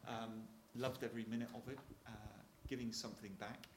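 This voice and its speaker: An older man with a Hampshire accent tells stories to a live audience in a chatty, easygoing way, stumbling over restarts and letting out small chuckles. His voice sits at an ordinary middle pitch. It carries around a roomy hall over a faint murmur of ambience. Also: little pitch movement, a little fast, a little hiss or hum. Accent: Hampshire English. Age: 60s. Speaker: retired Royal Marine speaker. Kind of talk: anecdotal talk to an audience.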